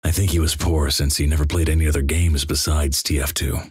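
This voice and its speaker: Very deep, husky man reading deadpan. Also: brisk, no room sound, clean studio sound. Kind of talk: reading a greentext story.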